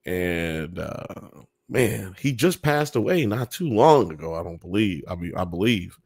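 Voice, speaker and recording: A man's voice: low voice, animated, unhurried, darkish tone, slightly rough. A young man talking unhurriedly in a loose, meandering way, cursing freely and using sound effects to explain things. He sounds like a casual livestream host at his desk mic, recorded dry and close with no room echo. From Alabama, US South.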